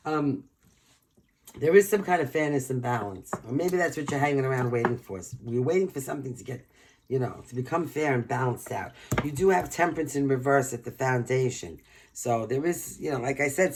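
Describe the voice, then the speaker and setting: A man from Brooklyn with a New York accent, hoarse and losing his voice, giving a chatty, emphatic tarot reading and clearing his throat often. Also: medium pitch, background noise. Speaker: tarot reader. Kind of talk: casual tarot reading to camera.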